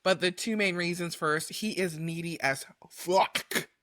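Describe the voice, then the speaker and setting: A woman co-hosting a podcast in casual chat, animated and laughing, jumping high when she acts out quotes. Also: unhurried, no echo, clean studio sound. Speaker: podcast co-host.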